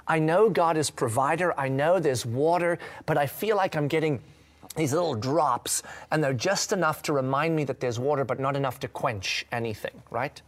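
A man giving a reflective faith talk, earnest and searching, sometimes dropping to a hushed voice. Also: a little high, moderate pace. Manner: earnest, searching, many fillers and restarts, drops to a hushed voice at times. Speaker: speaker sharing a devotional reading.

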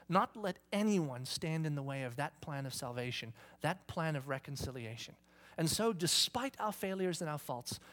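A middle-aged man preaching a sermon in church, animated, acting out arguments in raised voices. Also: a little high. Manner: animated, acts out quarreling kids in a shouting voice. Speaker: pastor.

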